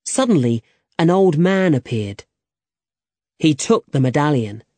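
Slow, deliberate male audiobook narrator. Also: fairly high pitch, expressive, a little mellow, no room sound. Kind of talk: scripted narration of a graded reader.

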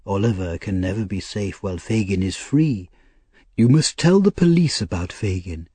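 A male narrator voicing an anxious, kindly old gentleman, earnest and measured, for an audiobook. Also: lowish voice, lively intonation, husky, dry recording. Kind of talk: audiobook character reading.

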